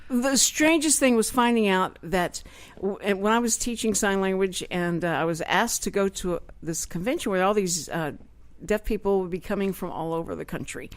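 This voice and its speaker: A woman hosting a radio talk show, chatty and quick to laugh as she tells stories. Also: medium pitch. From Texas. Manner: chatty storyteller, laughs often.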